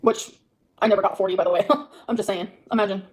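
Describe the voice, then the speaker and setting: A woman's voice: medium pitch, fairly even intonation, fast, darkish tone, husky, rough recording. A woman livestreaming an angry, profane rant, venting heatedly at her audience.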